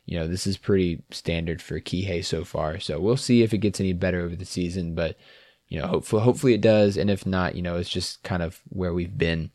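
Deep-voiced man on a sports podcast. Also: no echo, studio quality. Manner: relaxed, laughs often, trailing off. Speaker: podcast co-host. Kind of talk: casual sports podcast chat.

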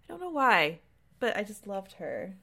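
A woman co-hosting a casual film podcast, her voice swinging widely in pitch as she talks. She sounds bright and animated, swears freely and laughs often. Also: moderate pace, creaky. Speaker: podcast co-host.

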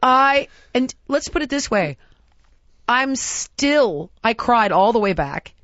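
Animated woman telling an exasperated story. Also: a little high, slow pace, no room sound, dull audio. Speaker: podcast host. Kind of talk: casual storytelling chat.

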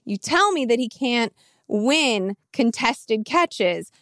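A woman in her thirties, a fantasy football analyst telling an animated, emphatic story in casual podcast talk. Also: a little high, dry recording, studio quality. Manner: animated, emphatic, quick asides.

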